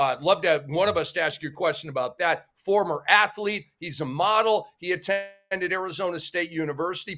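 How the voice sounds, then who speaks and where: High-pitched male host with a head cold, eager and joking, loose casual delivery. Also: fairly bright tone. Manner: enthusiastic, jokey, with frequent fillers and restarts. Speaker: sports debate show host. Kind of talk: casual talk-show hosting.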